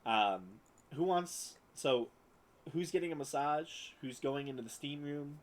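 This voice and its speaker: A man's voice: on the high side, a little slow, poor audio. A man running a tabletop game as game master, narrating descriptively with many fillers.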